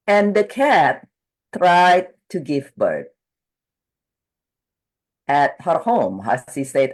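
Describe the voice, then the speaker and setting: A woman's voice: sits low, a little mellow. A middle-aged woman grief coach talking through a client's story, rambling with restarts and slipping into quoted voices. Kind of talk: conversational interview.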